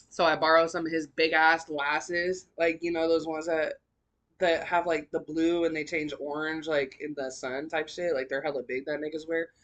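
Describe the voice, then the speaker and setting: A young woman talks straight to her listeners, blunt and full of swearing. Her voice is bright and forward, and it swings from low, quiet stretches up to loud, high bursts. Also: unhurried. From California. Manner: blunt, profane, animated with big swings in pitch and loudness. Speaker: podcast host. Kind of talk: candid personal storytelling.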